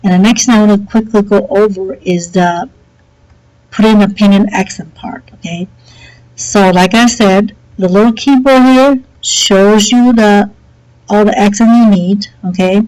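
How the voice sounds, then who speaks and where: A woman teacher with a headset mic walks students through software setup in a relaxed, chatty way, saying okay often. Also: mid-range voice, measured pace, rough recording. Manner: relaxed and chatty, many okays and fillers. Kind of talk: screen-recorded software tutorial.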